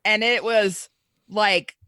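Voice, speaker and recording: A woman's voice: medium pitch, fairly even intonation, takes it slowly, sharp tone, dry recording. A woman chatting on a film-review podcast, voicing dry, exasperated complaints. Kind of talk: casual film-review chat.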